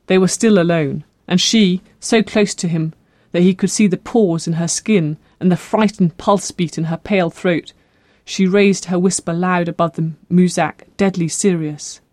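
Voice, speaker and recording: An audiobook narrator reading a novel in a measured, expressive way. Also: mid-range voice, no echo. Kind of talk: scripted narration.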